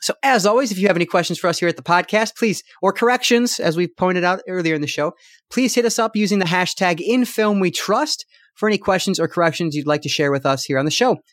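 Brisk, high-voiced man hosting a podcast. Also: a bit bright, no echo, studio quality. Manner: brisk, upbeat listing of sign-off reminders. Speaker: podcast co-host. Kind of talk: podcast outro and plugs.

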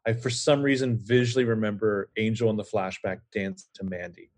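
A man co-hosting a podcast over a remote call, animated and quick to jump into side notes and trivia. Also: on the low side. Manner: animated, jumping into tangents and trivia. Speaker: podcast co-host. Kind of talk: casual chat. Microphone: remote call setup.

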